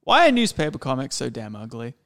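A man's voice: medium pitch, huge pitch swings, a little fast, a bit bright. A man co-hosting a casual podcast, ranting with animation and acting out quoted lines. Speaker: podcast co-host. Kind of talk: casual chat.

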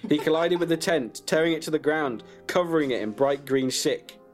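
A man reading a crude comic story about himself in a deadpan way and breaking into laughs. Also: a little high, moderate pace, faint music behind.

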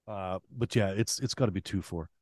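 A lower-pitched man talking casually on a music podcast. His speech is halting and full of restarts, and he swears freely while teasing his co-host. The recording is close and dry. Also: no room sound. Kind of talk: casual chat.

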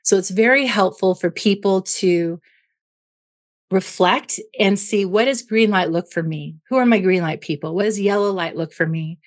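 With a medium-pitched voice at normal speed, this woman explains emotions as a psychologist guest in an interview. She leans on everyday analogies and repeatedly asks "right?" to check in.

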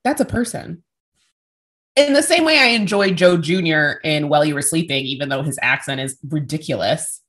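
Woman, low voice, casual podcast chat, sarcastic asides. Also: normal speed. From Greek-American family. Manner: chatty, sarcastic, animated asides. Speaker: podcast co-host.

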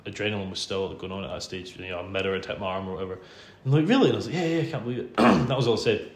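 A man with a Scottish accent, usually a podcast host but now the guest, talks very fast in a low voice. He chats his way through a long story, self-deprecating and laughing frequently, casual throughout. There's roomy sound and faint background hum.

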